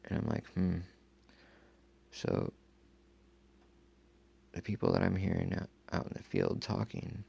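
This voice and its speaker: A man telling a long personal story in a rambling, profane, casual way, full of fillers, with a gravelly, husky voice. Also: sits low, darkish tone. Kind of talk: casual first-person account.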